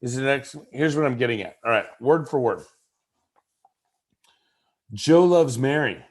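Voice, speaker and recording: A man's voice: medium pitch, lively intonation, measured pace, pauses often. A man giving a casual instructional talk about his game, playfully demonstrating different inflections. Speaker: game creator giving tips.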